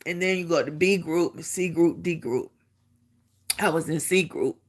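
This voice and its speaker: A woman's voice: lowish voice, measured pace. A middle-aged woman telling a personal story in a casual vlog, acting out the quotes and laughing as she goes. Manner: animated, acts out quotes, laughs while telling. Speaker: vlogger.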